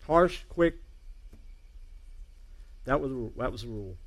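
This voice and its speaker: A male pastor preaching a sermon to a congregation, earnest, urging loudly at times and dropping to a hushed emphasis. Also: mid-range voice, animated, measured pace.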